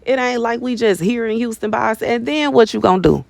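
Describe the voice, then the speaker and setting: In a little high, gravelly voice and at a fairly quick pace, a woman gives a laid-back prophetic message from a bedroom in her mother's house. She laughs often, uses lots of slang, calls people baby and bruh, and the recording is dry.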